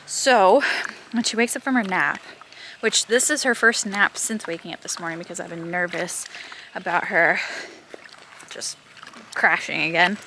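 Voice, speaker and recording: A woman's voice: lowish voice, measured pace, long pauses, pushed and bright. Woman vlogging outside on her farm, kinda out of breath, chatty and rambly, bit of outdoor noise. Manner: chatty, laughs often, rambling asides. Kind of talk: casual vlog chat.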